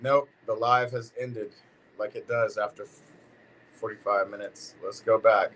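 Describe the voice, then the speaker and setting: Low-voiced man reacting to a match live. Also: steady tone, measured pace, fairly bright tone, a little hiss or hum, poor audio. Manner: chatty, reacting aloud with exclamations; talks to his chat by name. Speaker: streamer hosting a football watch party. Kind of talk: casual live reaction commentary.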